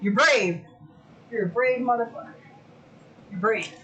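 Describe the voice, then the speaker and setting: A woman hosting a casual livestream from home, chatty and excitable, who swears freely. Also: on the high side, measured pace, poor audio. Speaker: livestream host.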